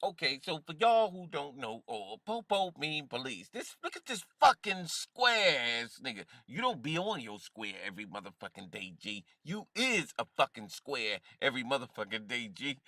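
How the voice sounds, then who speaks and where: A man's voice: medium pitch, big pitch swings, moderate pace, pushed and bright, no echo, studio quality. A man hosting a stream, giving heated, profane reaction commentary with mocking laughter.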